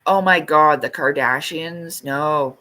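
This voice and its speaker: Chatty woman host on a casual livestream, rambles, laughs easily, swears lightly, jumps into high squeaky voices when quoting people. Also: takes it slowly. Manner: reads out and answers viewer comments; acts out quoted lines in sharp, much higher bursts.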